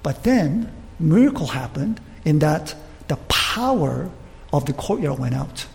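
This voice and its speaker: A man preaching, retelling a story with lively restarts and acted quotes. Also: a little high, a little slow, vocal fry, in a large hall. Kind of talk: sermon storytelling.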